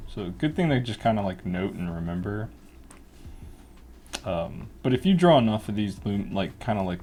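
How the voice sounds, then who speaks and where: A man's voice: fairly low pitch, slight background noise. Laid-back man talking through drawing. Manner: relaxed, rambling, laughs often. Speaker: cartoonist teaching drawing. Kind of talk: casual drawing tutorial.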